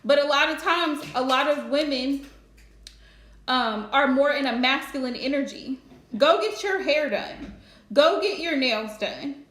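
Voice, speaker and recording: A woman's voice: sits high, lively intonation, a little slow, a bit bright, roomy sound. A woman hosting a live stream and giving relationship advice in a chatty, direct way, laughing often. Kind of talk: casual live-stream chat.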